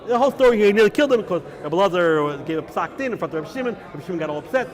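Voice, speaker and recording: A man teaching as a rabbi, animated and conversational, peppering his story with Hebrew and Yiddish terms in a lecture room with students. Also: sits high, racing. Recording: class recording with listening crowd.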